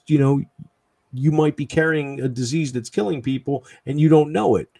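A man in casual chat, swearing often and ranting with lots of fillers, his voice husky and close to the mic. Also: medium pitch, dark tone, dry recording.

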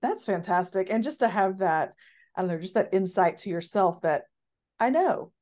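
A woman hosting a casual interview, enthusiastic and quick to laugh. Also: on the low side, darkish tone. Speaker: podcast host.

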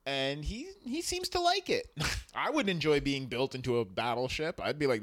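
A man's voice: mid-range voice, big pitch swings, moderate pace, fairly bright tone, no room sound. A man co-hosting a podcast in casual chat, who laughs often and acts out quotes.

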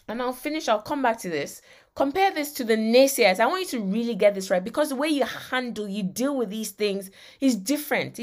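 A woman preaching a sermon, emphatic and often asking her listeners whether they understand. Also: fairly high pitch.

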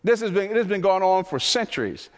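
A man preaching a sermon as pastor, impassioned and repetitive, his voice climbing toward near shouts. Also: sits high, animated, fairly quick, in a large hall.

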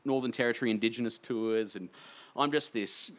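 An Australian man speaks as an author guest in an interview, his voice sitting at an ordinary middle pitch. He talks in long, excitable, rambling stretches and pokes fun at himself. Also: a little fast. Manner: excitable, rambling, self-deprecating. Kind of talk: casual interview chat.

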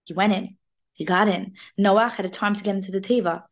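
A woman giving an informal, animated weekly Torah talk, sprinkling in Hebrew terms. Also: medium pitch, brisk. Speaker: Torah class speaker.

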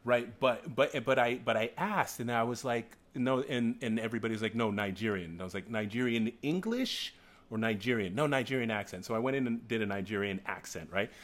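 A middle-aged man chatting as a guest actor, animated and rambling, with frequent restarts and laughs. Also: medium pitch, fairly quick, few pauses. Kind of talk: casual chat.

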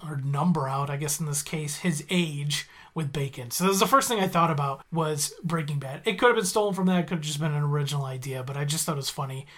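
A man's voice: a little high, fast talker, few pauses, a bit bright. A man hosting a podcast who chats casually through an episode recap, wandering off on tangents and correcting himself as he goes. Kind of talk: casual chat.

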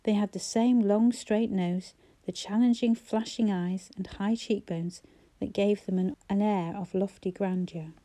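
Woman narrating with a dark, mellow voice. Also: medium pitch, fairly even intonation, measured pace, hardly any pauses. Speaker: audiobook narrator. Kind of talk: scripted narration of a novel.

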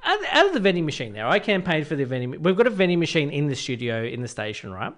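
Lively, fast-talking male radio host. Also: fairly high pitch. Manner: jokey, animated, laughs often. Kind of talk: casual drive-time radio banter.

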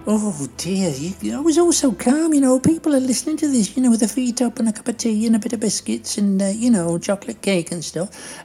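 A woman's voice: medium pitch, mellow, breathy edge, voice pushed up. A woman voicing a chatty, rambling elderly woman co-hosting a radio show. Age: older. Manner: gossipy, rambling, fussy.

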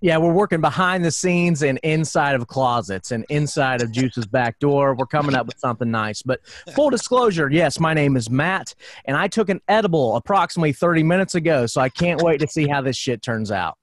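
Fast-talking crude joking man. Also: fairly high pitch, lively intonation. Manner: crude, joking, rapid storytelling. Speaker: podcast guest, co-host of another show. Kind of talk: casual podcast chat.

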